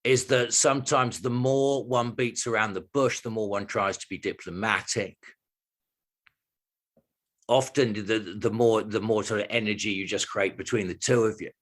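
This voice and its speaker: A man's voice: fairly low pitch, fairly even intonation, normal speed. A man co-hosting a podcast, speaking thoughtfully with hesitant, searching phrasing. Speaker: podcast co-host. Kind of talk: casual discussion.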